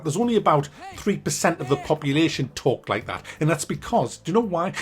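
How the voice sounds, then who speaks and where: A man's voice: fairly high pitch, animated, brisk, hardly any pauses, fairly bright tone. Blunt, swearing man reviewing a game. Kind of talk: casual spoken review.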